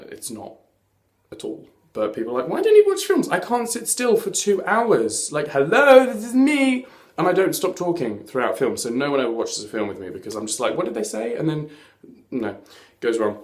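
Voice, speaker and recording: Camp chatty man in an echoey room. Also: medium pitch. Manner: camp, chatty, sassy asides. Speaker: host of a TV recap show. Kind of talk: casual recap chat.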